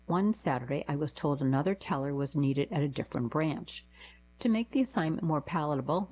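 Woman reader, low husky voice, plain reading for a radio reading service. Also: darkish tone, poor audio. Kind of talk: reading newspaper diary columns aloud.

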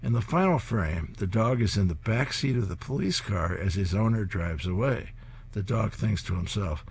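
A man's voice: fairly low pitch, lively intonation, normal speed, creaky, slight background noise. A man hosting a program where he reads comic strips aloud, chuckling at the jokes. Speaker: host reading comic strips. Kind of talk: reading service narration.

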